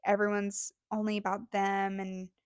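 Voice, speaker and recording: A woman's voice: mid-range voice, completely flat delivery, normal speed, no room sound. A young woman co-hosting a podcast, telling a story in a casual, gushing way with many fillers, close to tears. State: near tears. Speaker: podcast co-host.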